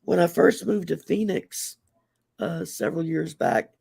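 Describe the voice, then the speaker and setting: A woman's voice: lowish voice, measured pace, creaky, mellow, slightly rough, no echo. A woman from Louisiana with a blended Southern Gulf Coast accent, hosting a casual livestream chat in a chatty, folksy way, laughing often. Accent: Southern US Gulf Coast, Texas drawl and Cajun blend. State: teary-eyed from allergies. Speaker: livestream host.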